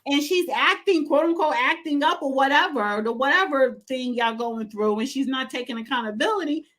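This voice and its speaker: A woman's voice: sits high, normal speed, a bit bright. A woman co-hosting a live call-in stream, chatty and teasing, talking over her partner. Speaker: livestream co-host. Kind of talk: casual live call-in chat.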